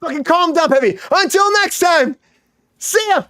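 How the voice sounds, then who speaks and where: A man's voice: very high voice, expressive, normal speed, pushed and bright, slight background noise. A man hosting a live comedy show, signing off with a rambling, profane, absurd riff.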